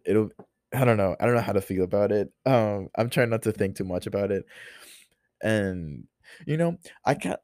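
A man's voice: low voice, darkish tone, dry recording, clean studio sound. A young man hosting a solo podcast, chatting casually in a rambling, reflective way with lots of fillers. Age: young adult. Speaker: podcast host.

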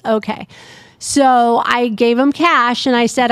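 A woman's voice: a little high, fairly even intonation, takes it slowly, clean tone, no echo. A middle-aged woman co-hosting a casual podcast chat, telling a family story and quoting others. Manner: chatty storyteller, quotes others. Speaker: podcast co-host.

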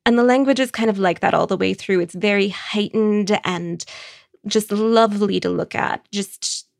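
A woman recommending books in a casual, wry, conversational way, with quick asides. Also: mid-range voice, creaky, no room sound, studio quality. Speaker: book critic.

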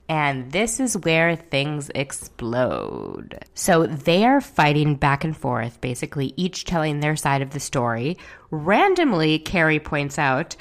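A woman's voice: sits low, big pitch swings, slow. A woman giving a casual, candid recap of a reality show episode, opinionated, with dry jokes and the odd swear word.

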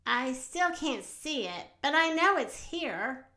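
A woman voicing a small, curious boy bear cub who asks eager, excited questions in a storybook. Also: sits high, slow, heavily acted.

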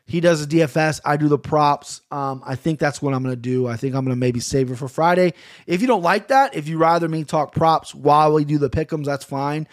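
A man's voice: a little high, a little fast, no echo, studio quality. A man hosting a casual fight-picks podcast, talking in a laid-back, rambling, self-deprecating way. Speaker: podcast host. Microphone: podcast mic on camera.

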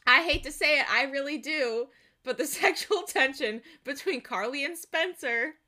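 A woman's voice: high-pitched, moderate pace, pushed and bright. A young woman co-hosting a casual podcast chat, giggly and crude as she retells scenes with lots of animation. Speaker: podcast co-host.

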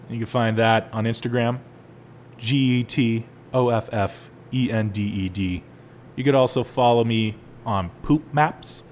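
A young man hosting a solo podcast, telling stories animatedly with laughs and loud exclaims. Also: lowish voice, a little hiss or hum. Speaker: podcast host.

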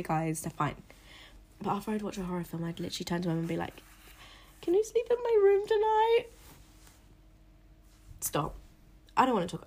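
A woman's voice: mid-range voice, a little mellow. A young woman, chatting casually to camera in a rambling, self-deprecating way, often dropping into whispered asides. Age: young adult. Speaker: vlogger.

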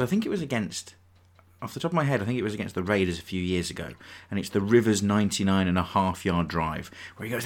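A man's voice: sits low, a little fast. A man hosting a casual sports podcast, ranting with frustration about his team. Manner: frustrated, rambling fan rant. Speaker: podcast host.

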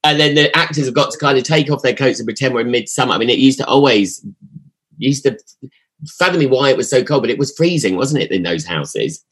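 A man's voice: medium pitch, expressive, fast, fairly bright tone, breathy edge. A man hosting a podcast, reminiscing in a rambling, reflective way with lots of asides. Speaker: podcast host. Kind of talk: casual conversation.

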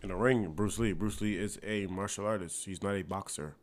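A young man co-hosting a casual podcast chat with friends, loud and argumentative, laughing often. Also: low voice, fairly quick. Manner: boisterous, laughs often, argues back. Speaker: podcast co-host.

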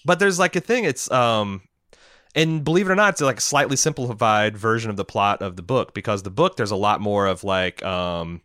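A man's voice: fairly low pitch, normal speed, sharp tone, dry recording, studio quality. A man co-hosting a casual film discussion, rambling and enthusiastic, with many restarts. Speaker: podcast co-host.

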